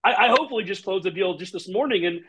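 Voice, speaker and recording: A man with a husky, slightly breathy voice, guesting on a podcast as a sales coach. He speaks energetically and acts out little examples. His pitch sits a bit high for a man. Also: animated, fast talker, fairly bright tone. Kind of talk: casual podcast interview.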